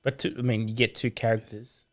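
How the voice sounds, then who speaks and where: Male podcast host, mid-pitched; informal, stammering follow-up questions. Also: level tone, brisk. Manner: prompting questions with stammered restarts. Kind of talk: casual interview.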